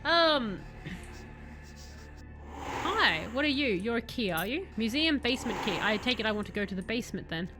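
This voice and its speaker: A woman's voice: a little high, normal speed, long pauses, over music. A young woman streaming a video game, chatting casually with viewers in a rambling way. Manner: chatty, rambling, bursts of excited yelling. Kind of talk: casual let's-play chat with viewers.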